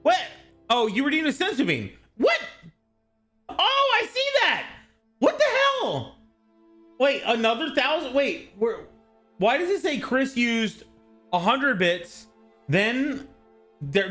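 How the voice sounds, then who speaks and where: Excitable live streamer, swears freely, bright, animated voice. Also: medium pitch, unhurried, faint music behind. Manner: excitable, swears and laughs often.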